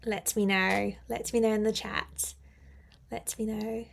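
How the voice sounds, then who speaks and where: A woman's voice: mid-range voice, flat delivery, unhurried, gravelly, a little hiss or hum. A young woman hosting a live English class, chatty and encouraging as she reads out viewers' comments. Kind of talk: live-stream English lesson.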